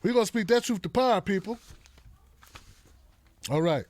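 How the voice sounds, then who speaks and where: A man hosting a live online show, greeting viewers by name in a casual, playful way, with a dry throat that he keeps clearing. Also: high voice, normal speed. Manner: lively and animated, playful asides to viewers.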